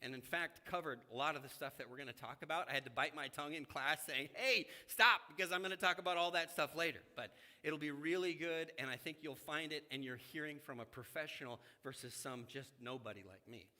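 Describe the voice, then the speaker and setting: A man preaching a sermon to his congregation in a conversational, animated way, speaking to them directly. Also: fairly high pitch, a little fast, hardly any pauses. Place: church sanctuary. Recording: church hall reverb.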